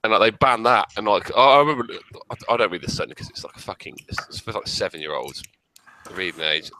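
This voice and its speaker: A man's voice: lowish voice, expressive, quick pace, background noise. A man in casual chat, rambling and swearing freely, often repeating himself. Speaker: guest.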